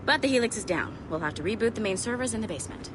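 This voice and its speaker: An actress playing a sharp-tongued, sarcastic female tech agent in a video game, with steady ambient noise behind. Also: fairly high pitch, close to an everyday voice. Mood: brisk. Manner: brisk, sarcastic.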